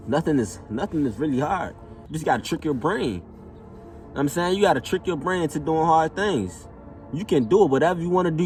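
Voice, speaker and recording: A man speaks a little away from the mic, so his voice sounds distant. Faint music plays under his casual, motivational monologue. He repeats his phrases for emphasis. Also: fairly high pitch. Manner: repetitive, emphatic, casual slang with frequent "know what I'm saying". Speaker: motivational vlogger.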